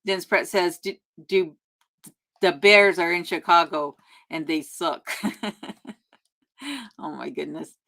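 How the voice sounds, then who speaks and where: A woman's voice: on the low side, slow pace, vocal fry, long pauses, fairly bright tone. A woman hosting a casual live stream from her remote home, reading viewer comments aloud and chatting back in a friendly way with frequent laughs and ums. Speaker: YouTube host answering live chat.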